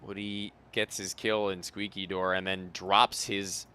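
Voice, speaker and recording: Bright-voiced laid-back esports analyst. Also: male voice, sits low, little pitch movement, measured pace, low-quality recording. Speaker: esports caster. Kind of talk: color commentary for esports.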